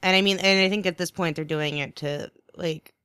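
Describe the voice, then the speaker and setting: A podcast co-host with a smooth, clear voice, recorded dry and close. Talks in a thoughtful, hesitant way during casual chat. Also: mid-range voice, steady tone, moderate pace, sharp tone, no echo.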